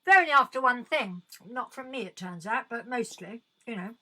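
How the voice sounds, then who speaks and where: A woman's voice: on the high side, expressive, normal speed, pushed and bright. A woman hosting a live late-night show, chatting theatrically and sarcastically while reading out viewer comments and eating chocolate. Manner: camp, sarcastic and theatrical, with swearing; chews chocolate while talking. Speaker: host of a late-night livestream.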